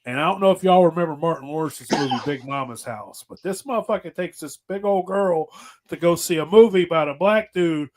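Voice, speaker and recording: A man's voice: on the high side, brisk. Profane, rambling man telling stories. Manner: profane, rambling, laughing storyteller. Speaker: podcast host. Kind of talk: casual storytelling chat.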